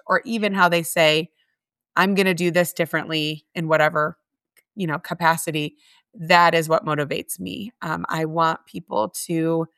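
A woman's voice: fairly low pitch, a bit bright, clear, resonant tone, dry recording, clean studio sound. A middle-aged woman being interviewed about her work at a mission, talking in an earnest, heartfelt way with frequent restarts. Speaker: guest, homeless mission staff. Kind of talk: conversational interview.

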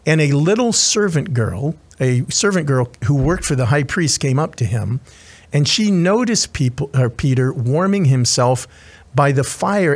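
A man preaching as a chaplain, retelling a scripture story earnestly with frequent restarts and asides. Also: fairly high pitch. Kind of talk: sermon.

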